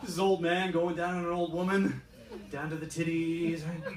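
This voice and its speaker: A Canadian man doing a stand-up comedy set, animated and acting out characters, with a laughing audience. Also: on the high side, normal speed. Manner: animated, acts out characters in put-on voices. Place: club stage with a laughing crowd. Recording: roomy, distant crowd recording.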